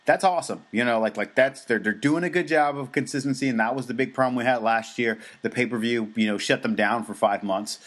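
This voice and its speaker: A man's voice: medium pitch, a little fast, few pauses, fairly bright tone. An American man co-hosting a podcast, talking in a rambling, casual way with many fillers and restarts. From United States. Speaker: podcast co-host. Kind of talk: casual chat.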